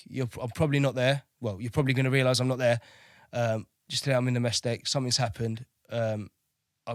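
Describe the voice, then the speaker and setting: Male navy veteran, thirties, mid-pitched, candid and profane, dry close recording. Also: a bit bright, no echo. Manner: blunt, swears freely, keeps asking "do you know what I mean". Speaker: podcast guest, navy veteran.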